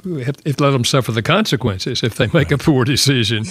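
A man, a guest author, telling a personal story in conversation, halting and repeating words, with many "you know"s. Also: medium pitch, fairly bright tone, breathy edge, no echo.

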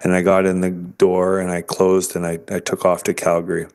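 A man with a somewhat low voice tells an emotional personal story as an interview guest. He speaks earnestly, often halting and restarting his sentences. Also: completely flat delivery, a little mellow, clear, resonant tone. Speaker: guest sharing his testimony.

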